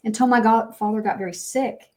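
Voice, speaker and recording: A woman's voice: fairly high pitch, fairly quick, warm tone. Earnest woman telling a story. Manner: emotional, earnest, tells stories with many fillers. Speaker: podcast co-host. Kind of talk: candid conversational storytelling.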